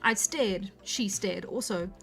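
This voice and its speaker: A woman's voice: medium pitch, slow, creaky, fairly bright tone, breathy edge, soft background music. A young woman reading a novel aloud on a livestream, stopping now and then to comment on the text and laugh at herself. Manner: reads plainly, breaks off to comment and laugh at herself. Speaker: book reader on a livestream. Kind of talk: casual storytime read-aloud.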